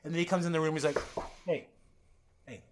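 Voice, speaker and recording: As a podcast guest, a man shares candid personal stories at a rapid-fire clip, with a little hiss or hum in the background. He lurches between loud, animated outbursts and low, quiet stretches, cursing freely and acting out what other people said.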